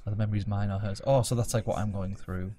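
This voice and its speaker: A man's voice: fairly low pitch, fairly even intonation, fast talker, warm tone. A man playing a game at his home desk, joking, swearing and mocking himself as he plays. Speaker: let's play gamer. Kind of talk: casual gameplay commentary.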